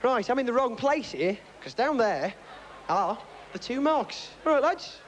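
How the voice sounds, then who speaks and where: A man's voice: extremely high pitch, very animated, measured pace, highs cut off, a little hiss or hum. A man with a British accent presenting a live children's TV show outdoors in a shopping centre, playful and jokey. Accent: British English. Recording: outdoor broadcast with crowd.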